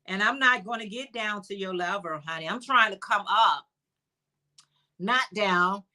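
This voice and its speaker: A woman's voice: mid-range voice, a little slow, sharp tone. A woman with a Chicago accent hosting a casual livestream chat, greeting viewers by name and calling them honey in an upbeat way. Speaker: livestream host.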